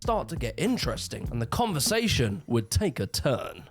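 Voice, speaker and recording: A man's voice: mid-range voice, very animated, normal speed. A young man with a southern English accent narrating in a scripted, comedic way, with sarcastic asides. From southern England. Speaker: video narrator.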